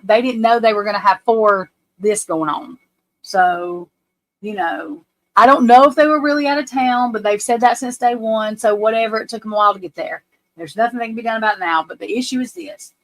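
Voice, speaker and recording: This is a woman talking on a livestream. Her voice sits a little high, and she rants bluntly and swears freely. She keeps hammering questions about a court case at her viewers. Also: a bit bright, poor audio. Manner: blunt, profane, ranting. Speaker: livestream host. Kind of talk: casual livestream commentary.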